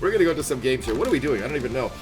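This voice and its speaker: Upbeat male streamer, rambling and laugh-prone, very animated delivery over loud background music. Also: medium pitch, very fast. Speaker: game streamer. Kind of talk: casual live-stream chat. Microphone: headset. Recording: background music playing loudly.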